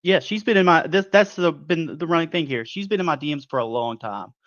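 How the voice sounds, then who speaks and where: A man's voice: a little high, fairly quick, a bit bright, dry recording, muffled recording. A man who is a guest wrestler giving an in-character interview, defensive, aggrieved and boastful.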